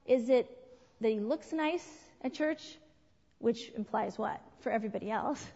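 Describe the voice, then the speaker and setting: A middle-aged woman leading a church parenting class. She talks in an animated way, asks the group questions and acts out what people said. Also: fairly high pitch, moderate pace, vocal fry. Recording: dull lo-fi sound with long hall reverb.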